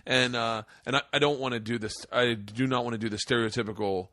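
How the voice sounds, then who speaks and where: Chatty guy hosting a podcast, laughs easy, hedges what he says, mid pitch, dry close mic. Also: fairly even intonation, fast talker, sharp tone, no room sound. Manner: chatty, laughs easily, hedges his words. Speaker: podcast host. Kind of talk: casual podcast chat.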